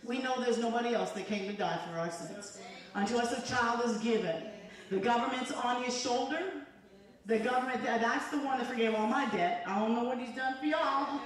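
A woman's voice: on the high side, fairly quick. Woman preaching in an echoey church. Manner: fervent, conversational preaching with call-and-response. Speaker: evangelist. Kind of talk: sermon. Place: church sanctuary. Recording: echoey church hall from far off.

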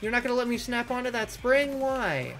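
A man's voice: very high voice, animated, fairly quick, fairly bright tone. Sarcastic man ranting over gameplay. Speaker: gaming YouTuber. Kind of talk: let's-play commentary. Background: faint game music.

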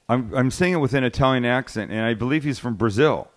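A man's voice: mid-range voice, fairly quick, hardly any pauses. A middle-aged man hosting a cooking podcast, chatting casually and joking while he reads out listener mail. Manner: jokey, casual, swears freely. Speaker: cooking show host.

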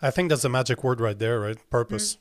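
A man's voice: mid-range voice, sing-song, fast talker. French-accented male podcast host. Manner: blunt, emphatic, swears casually. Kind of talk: casual interview talk.

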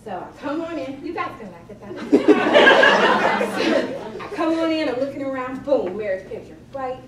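Lively woman chef telling stories to a crowd. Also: high-pitched, a little slow, heavy background noise. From Cleveland, Ohio. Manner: chatty, animated, laughing storyteller. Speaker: personal chef. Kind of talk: storytelling at a live event. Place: library event room with audience. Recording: echoey room, distant mic, crowd.

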